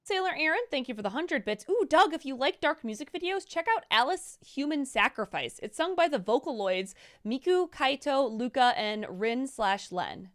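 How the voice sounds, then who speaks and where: A woman with a high, bouncy voice reads out viewer donations on a live stream. She is brisk and upbeat and sometimes trips over hard names. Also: lively intonation. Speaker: co-host reading viewer donations. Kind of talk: reading out chat messages on a live stream.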